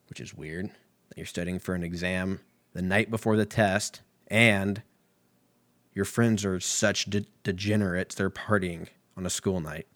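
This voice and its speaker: A man's voice: low-pitched, steady tone, unhurried, a bit bright. A man ranting comically, swearing constantly, laughing often and drifting from tangent to tangent. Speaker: comedian. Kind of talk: rambling comedic rant.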